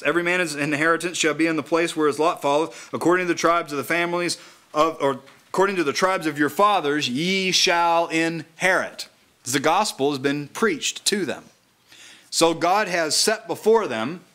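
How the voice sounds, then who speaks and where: A man preaching a sermon at a house church, slowly reading scripture aloud and then explaining it in a conversational way. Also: on the high side, sharp tone.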